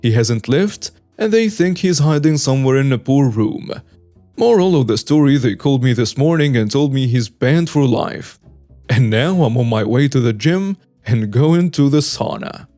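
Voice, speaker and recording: A man reading online stories aloud as the regular narrator of a story channel, in a steady scripted voice. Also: medium pitch, moderate pace, faint music behind.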